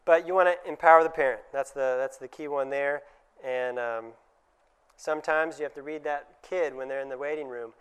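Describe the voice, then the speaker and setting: A man's voice: mid-range voice, fairly even intonation, fairly quick, fairly bright tone, clear, resonant tone. A man giving a conversational presentation to fellow dentists, often acting out short dialogues in changed voices. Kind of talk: conference talk to dentists.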